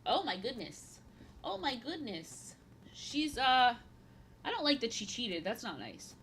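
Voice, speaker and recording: A woman's voice: on the high side, very animated, measured pace, a bit bright, a little hiss or hum. A woman in her thirties chatting casually while painting on a stream, rambling and repeating her own phrases, playful and prone to slipping into silly voices.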